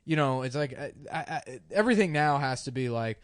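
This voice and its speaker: A man on a comedy podcast who rambles through stories, piling up fillers and breaking into laughter as he goes. His voice sits at an ordinary middle pitch. The studio mic is close and dry, with no room sound. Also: animated, brisk, clear, resonant tone, no echo. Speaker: podcast co-host. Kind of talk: crude comedy podcast banter.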